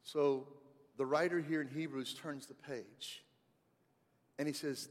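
A man preaching a sermon as a pastor, animated, moving from loud emphasis to soft, close tones. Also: fairly high pitch, measured pace, big-room sound.

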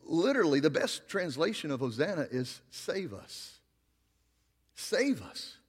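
A male pastor preaching a sermon, swinging between loud, emphatic passages and quiet, slow emphasis. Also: on the high side, big pitch swings, husky, long reverb tail.

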